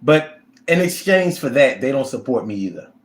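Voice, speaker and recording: A man's voice: mid-range voice, very animated, moderate pace. A man hosting a casual livestream who reads viewer comments and talks in a blunt, profane, rambling way. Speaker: livestream host reading chat.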